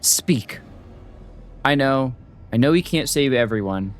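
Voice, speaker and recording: A man streaming a story game, reading the text aloud and reacting with excitable, swear-filled outbursts. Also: medium pitch, normal speed, soft background music. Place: home streaming setup.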